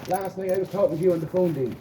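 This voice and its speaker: Irish man, high register, heated and insistent complainant. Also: rapid-fire, echoey room, a crowd in the background, rough recording. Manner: agitated, insistent, repeats demands. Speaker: complainant at a police station. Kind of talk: heated confrontation, filmed.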